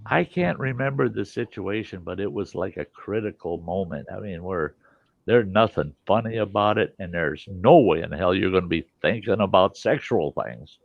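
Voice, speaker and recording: A man's voice: deep voice, expressive, normal speed, gravelly, no echo. A man hosting a casual show and telling rambling, swearing anecdotes. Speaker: host. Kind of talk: casual storytelling. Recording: dull lo-fi dry sound.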